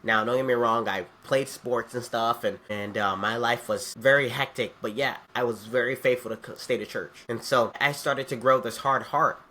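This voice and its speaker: A young man in his twenties with a bright, forceful voice tells his faith testimony. He speaks as a youth pastor, earnest and heartfelt, at a pitch that is neither high nor low. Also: fairly even intonation, normal speed, few pauses. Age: 20s.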